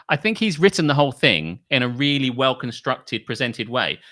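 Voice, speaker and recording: A man's voice: medium pitch, animated, normal speed, bright, forceful tone. A man co-hosting a casual podcast, swearing freely and acting out quotes in mocking voices. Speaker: podcast co-host.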